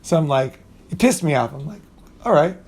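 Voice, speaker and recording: A man's voice: a little high, lively intonation, moderate pace, a little mellow, slightly rough. A middle-aged man telling a rambling, profane story in casual talk, often restarting sentences and acting out what people said. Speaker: channel host.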